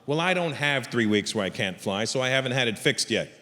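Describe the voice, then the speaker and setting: Brash, profane stand-up comedian. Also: male voice, mid-range voice, brisk. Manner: brash, profane, animated storytelling. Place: theater stage before a live audience. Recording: reverberant live stage with crowd.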